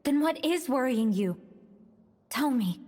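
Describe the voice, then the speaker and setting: A woman voicing a calm, compassionate young queen in an anime dub, speaking gently and earnestly. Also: high-pitched, slow, full character voice. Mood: probing. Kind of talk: English anime dub acting.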